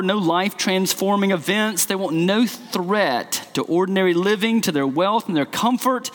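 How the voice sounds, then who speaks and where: A man's voice: high voice, fairly bright tone, long reverb tail. A man preaching a sermon as a pastor, telling stories in a conversational way with many "like"s. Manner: conversational storytelling, frequent "like".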